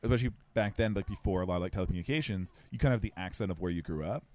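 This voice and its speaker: A man chatting casually about movies, talking fast, self-deprecating, tripping over quick restarts. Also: sits low, darkish tone. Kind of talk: casual movie-watching chat.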